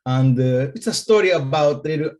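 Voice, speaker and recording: A man giving hesitant, halting feedback in an online meeting. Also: fairly high pitch, animated, a little mellow.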